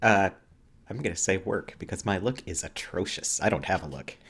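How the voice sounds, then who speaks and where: A man with a very low voice plays a tabletop wrestling game over a video call. His tone is husky and breathy. He tosses off dry, self-mocking remarks as he rolls the dice. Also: animated, moderate pace, fairly bright tone. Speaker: player. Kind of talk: casual tabletop game play.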